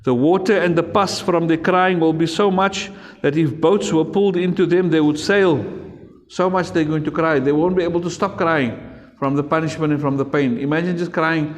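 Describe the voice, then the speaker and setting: A man's voice: on the high side, steady tone, normal speed. Emphatic South African male teacher, echoey room. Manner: emphatic, repetitive, addresses pupils directly. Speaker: religious studies teacher. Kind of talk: classroom lesson to children. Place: school classroom.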